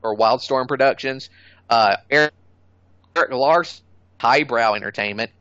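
Blunt, opinionated and quick to curse, a man talks in casual conversation. His mid-range voice is bright and forceful, close and dry with no echo, and the recording has a somewhat dull, lo-fi quality.

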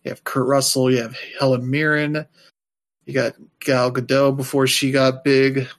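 A man's voice: mid-range voice, little pitch movement, normal speed. A man chatting casually as a podcast co-host, rambling loosely with lots of fillers and dropping wry, offhand asides. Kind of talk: casual chat.

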